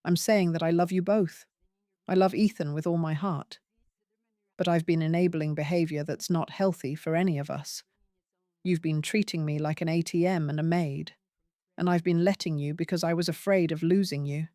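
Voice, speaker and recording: A woman voicing a hurt but firm older widowed mother, questioning pointedly in a low voice. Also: fairly even intonation, normal speed, mellow, dry recording, studio quality, close to an everyday voice. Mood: confronting.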